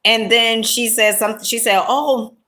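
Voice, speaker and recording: A woman's voice: a little high, steady tone, moderate pace. A woman talks to her viewers in a loose, rambling storytelling vlog. She often starts over and fills gaps with "um" and "you know". She keeps calling listeners honey and my love. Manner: chatty, rambling, with many fillers and restarts; warm pet names to viewers. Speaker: content creator.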